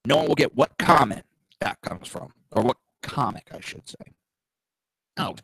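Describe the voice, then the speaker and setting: Blunt, gravelly-voiced male talk host. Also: medium pitch, animated, normal speed, a bit bright, no echo, rough recording. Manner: blunt and profane, with mocking asides. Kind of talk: opinionated political talk.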